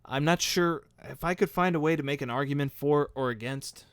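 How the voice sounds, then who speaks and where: Guy hosting a live stream, chatty and upbeat, smooth voice, dry close mic. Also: on the high side, fairly quick, no echo. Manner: chatty, upbeat and self-deprecating. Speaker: host. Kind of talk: casual live-stream chat answering viewer comments. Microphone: studio microphone.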